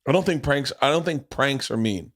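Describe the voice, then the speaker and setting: A man's voice: medium pitch, animated, moderate pace, a bit bright. A man hosting a podcast, a father who tells rambling anecdotes and laughs often. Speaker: podcast host. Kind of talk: casual chat.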